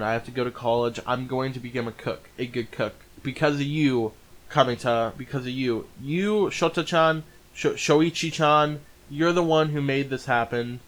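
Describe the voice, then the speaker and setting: A man's voice: medium pitch, a bit bright, natural voice. A man voicing a heartbroken young woman who says goodbye in a subdued, earnest way.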